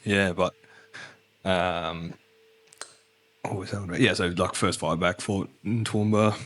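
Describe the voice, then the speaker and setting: A man's voice: low voice, steady tone, a little slow, a bit bright. An Australian man, a guest on a podcast, telling blunt, swearing stories with laughs in a casual chat.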